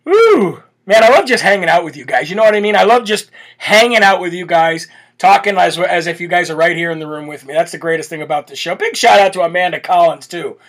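A man's voice: high voice, fast, few pauses. A man hosting a live talk show, talking animatedly to his viewers and often laughing. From United States. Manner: animated, laughing, mock accents. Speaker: host.

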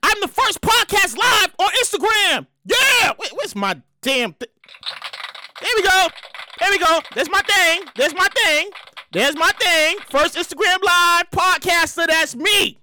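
A woman hosting her own podcast in a casual solo monologue, loud, hyped, profane and rambling, often repeating herself. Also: very high voice, animated, unhurried. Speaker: podcast host.

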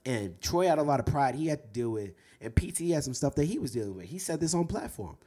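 Young guy preaching to the fellas, kinda husky, earnest, slows way down on the big lines. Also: a little high, very animated, warm tone. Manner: earnest, exhorting, slows down for emphasis. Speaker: host speaking to men about faith. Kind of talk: preaching-style talk.

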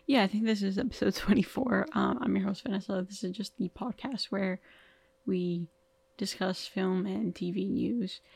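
A tired woman hosts a casual film podcast solo, her voice heavy with vocal fry and gravel. She rambles along with lots of likes, ums and restarts. The sound is dry and close. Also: medium pitch, steady tone, moderate pace, a little mellow, no room sound. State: tired, yawning. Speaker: podcast host.

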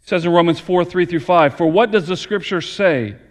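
A man's voice: high-pitched, fairly quick, big-room sound. A middle-aged man and pastor preaching a sermon with earnest, emphatic rising stresses.

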